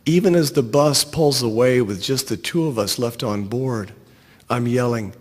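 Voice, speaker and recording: A middle-aged man reads a short story aloud in a dry, even manner. His voice sits at an ordinary middle pitch. A long reverb from a large hall hangs behind his words. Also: normal speed, a little hiss or hum. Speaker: author reading his story.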